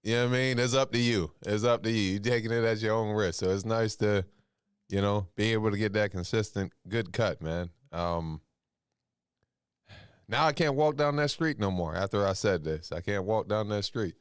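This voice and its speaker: A man hosting a call-in podcast, talking in a relaxed, rambling, slangy way. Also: on the low side, moderate pace, clear, resonant tone, dry recording, studio quality. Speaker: podcast host. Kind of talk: casual call-in chat.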